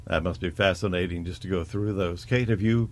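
A very deep-voiced middle-aged man hosts the interview, easygoing and genial. He rambles a little and restarts his phrases as he talks. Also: a little fast. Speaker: interview host. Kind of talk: broadcast interview.

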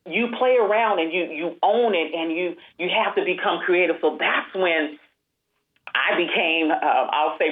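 A low-voiced woman tells her story as an interview guest. She is animated and lifts her voice to act out the people she quotes. Her voice comes through a narrow, tinny phone line. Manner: animated storyteller, acts out quoted dialogue in a higher voice. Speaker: guest, alopecia support group founder.

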